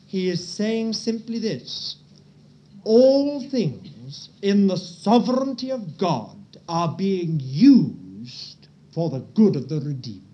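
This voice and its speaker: A preacher giving a sermon in an earnest, pleading way, talking straight to the listeners and swinging from loud, stressed words to hushed near-whispers. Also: mid-range voice, highs cut off.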